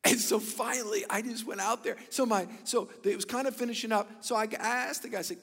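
A man in his thirties preaching a sermon, telling stories with bursts of loud emphasis and hushed, whispered asides. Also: sits high, fast, gravelly, few pauses, husky, big-room sound. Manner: animated storytelling, swings between loud emphasis and hushed whispers. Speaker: pastor.

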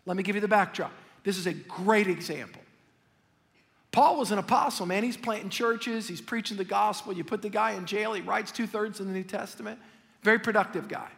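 A male pastor preaching a sermon in an animated, joking way, talking straight to the congregation. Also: high-pitched, a little fast, creaky, long reverb tail. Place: church sanctuary.

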